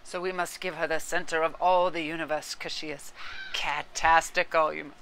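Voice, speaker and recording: A woman's voice: low voice, fairly even intonation, moderate pace, fairly bright tone, a little hiss or hum. A woman giving a casual tarot reading, chatting with her viewers and aside to her cat. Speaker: tarot card reader.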